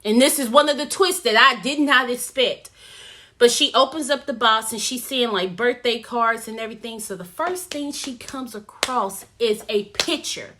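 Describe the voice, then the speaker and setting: A woman vlogger recapping a movie plot in a chatty, animated way and talking straight to her viewers. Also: on the high side, moderate pace. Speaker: movie reviewer. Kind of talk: casual plot recap vlog.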